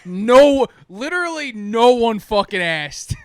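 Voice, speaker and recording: A man's voice: very high voice, big pitch swings, slow pace, clear, resonant tone, dry recording, clean studio sound. A young man from Jordan co-hosting a podcast in casual chat, laughing often, swearing and teasing. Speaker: podcast co-host.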